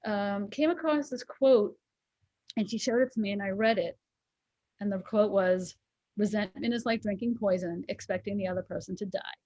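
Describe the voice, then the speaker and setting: A woman's voice: mid-range voice, moderate pace, darkish tone, no echo. Casual co-host, a woman in her forties, candid and emotional, dry and a bit muffled. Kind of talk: casual chat, personal story.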